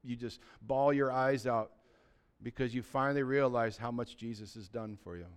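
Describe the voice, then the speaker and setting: A man preaching a sermon as pastor, talking conversationally and building to loud, emphatic peaks, often acting out what people say. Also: mid-range voice, normal speed, smooth. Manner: acts out quoted voices of believers.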